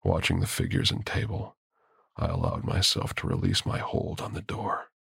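A man narrates a first-person horror story with a very deep, gravelly voice full of fry. His tone is husky and rough rather than clean. The recording is close and dry, with no room sound. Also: wildly swooping pitch, normal speed, a bit bright, no echo.

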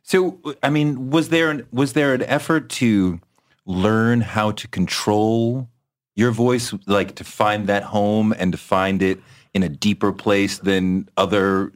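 A man's voice: lowish voice, slow. A man hosting an interview, asking curious, probing follow-up questions. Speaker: interview host. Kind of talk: conversational interview.

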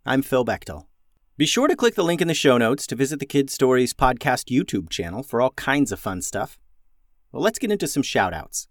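A man hosting a children's podcast and narrating a story in a lively, expressive way. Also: mid-range voice, a little fast, no room sound, clean studio sound.

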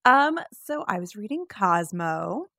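A woman co-hosting a podcast in casual chat, relaxed and giggly as she reads out a list. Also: medium pitch, measured pace, vocal fry, no echo, clean studio sound. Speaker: podcast co-host.

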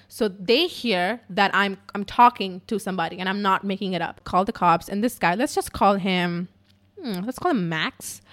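A young adult woman hosts a podcast and tells a story in a casual, chatty monologue, swearing often and peppering her speech with "like." Her voice is medium-pitched and fairly bright.

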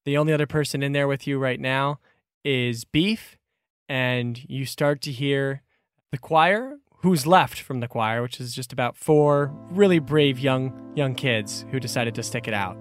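A man's voice: mid-range voice, unhurried, no echo, soft background music. A man narrating scene changes in an improvised comedy show.

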